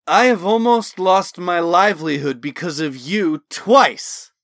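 A man's voice: medium pitch, unhurried, fairly bright tone, dry recording, studio quality, lightly acted. A man voicing a drunken, bitter young estate worker who slurs his resentful words in a storybook reading. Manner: slurred, resentful.

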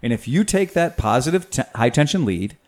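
Man, mid-pitched podcast host and bike mechanic, swears casually, explains things step by step. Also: sing-song, brisk, a little mellow. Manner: profane, patient step-by-step explainer.

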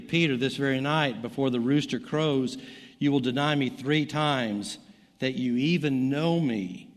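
A man's voice: mid-range voice, measured pace. A middle-aged man with a Southern American accent preaching a sermon, reading scripture aloud with his voice lifting for the quoted lines. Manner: animated Bible reading, voice rising for quoted lines. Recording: long hall reverb.

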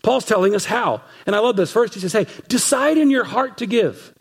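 A man's voice: sits high, lively intonation, brisk, slightly rough. A man preaching a sermon as pastor, emphatic, repeating phrases and acting out what people say. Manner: emphatic, repeats phrases, acts out quoted voices.

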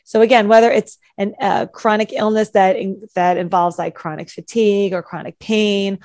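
A woman's voice: medium pitch, steady tone, normal speed, darkish tone, no echo. A woman anxiety coach explaining on a podcast, mimicking anxious self-talk as she goes. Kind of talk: podcast conversation.

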